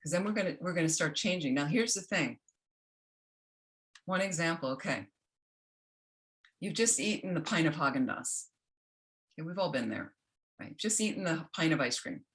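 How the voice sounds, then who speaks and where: A woman teaching a self-compassion workshop, gentle and instructional, often checking in with the group. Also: deep voice, animated, normal speed, pauses often. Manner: gentle, keeps checking in with "okay?".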